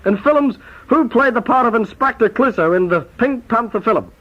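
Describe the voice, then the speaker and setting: A man hosting a spoof quiz in a brisk, mock-formal announcing style. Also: very high voice, lively intonation. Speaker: quizmaster. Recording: dull lo-fi tape recording.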